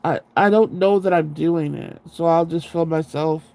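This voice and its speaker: Hosting a livestream, a man with a slightly high, somewhat mellow voice and vocal fry talks at a moderate pace. His casual chat with viewers wanders, with restarted sentences and self-directed laughter, all picked up by a sensitive close microphone.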